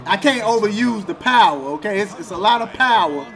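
High-pitched, animated streamer guy. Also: a little fast. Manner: animated trash talk, laughing, slang. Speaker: gaming streamer. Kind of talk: casual game commentary.

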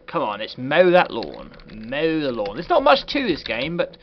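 A man's voice: mid-range voice, wildly swooping pitch, moderate pace. A man doing a comedic game review in a put-on posh voice, sarcastic and full of swearing. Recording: dull lo-fi recording with faint hiss.

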